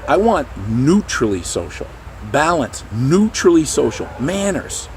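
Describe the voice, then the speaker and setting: A middle-aged man explains dog training to the camera in a loose, animated way. His pitch swings widely as he talks, and light traffic noise sits behind him outdoors. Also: a little slow. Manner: animated, does high goofy voices for dogs and people. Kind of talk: casual explanatory talk to camera.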